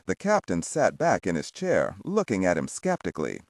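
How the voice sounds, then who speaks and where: A man narrating a thriller audiobook in an expressive storytelling manner. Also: deep voice, moderate pace, hardly any pauses, dry recording, studio quality. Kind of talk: scripted narration.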